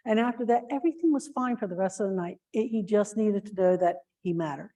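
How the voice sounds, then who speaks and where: A woman's voice: mid-range voice, quick pace, mellow, lo-fi sound. A woman giving earnest training to shelter volunteers, with plenty of fillers and restarts. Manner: acts out example phrases in a lifted voice.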